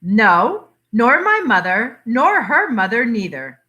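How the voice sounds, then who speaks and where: A woman doing a cunning old country aunt who speaks in a soft, knowing dialect, her voice swooping with secret amusement. She talks unhurriedly and brightly, as if sharing a long-kept joke. Storybook reading. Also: on the high side, big pitch swings, takes it slowly, voice pushed up, full character voice. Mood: sly. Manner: knowing, chuckling, broad dialect.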